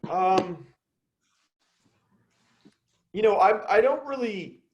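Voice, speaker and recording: A middle-aged man telling students a story over a video call, animated and acting out the voices of others. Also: high voice, slow, dull audio. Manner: animated, acts out quoted voices. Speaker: guest speaker.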